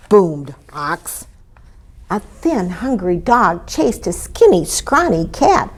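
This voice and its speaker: A woman reading a children's story aloud in an expressive way, inviting her listeners to join in. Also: fairly low pitch, takes it slowly. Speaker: storybook reader.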